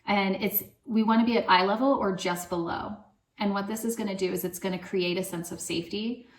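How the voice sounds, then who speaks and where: A woman's voice: medium pitch, fairly even intonation, fairly quick. A woman speaking as a parenting coach, giving casual advice in a loose, chatty way full of fillers. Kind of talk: casual advice talk to camera. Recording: echoey room.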